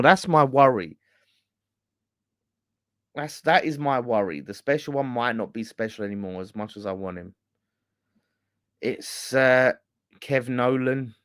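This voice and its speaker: A man's voice: mid-range voice, no echo, studio quality. A man hosting a casual fan live stream, ranting bluntly with swearing and laughter. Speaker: fan channel host.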